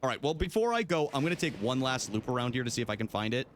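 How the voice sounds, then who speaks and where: A man's voice: medium pitch, racing, a little hiss or hum. A young adult man streaming a video game live, chatting casually with his viewers, joking and swearing as he plays. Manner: animated, jokey, swears, talks to chat.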